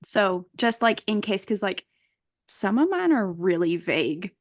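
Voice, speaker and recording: A young woman co-hosting a casual podcast at an ordinary pitch. She talks hesitantly, full of fillers and little giggles, and the sound is dry and close. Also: big pitch swings, unhurried, no room sound. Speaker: podcast co-host. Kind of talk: casual chat.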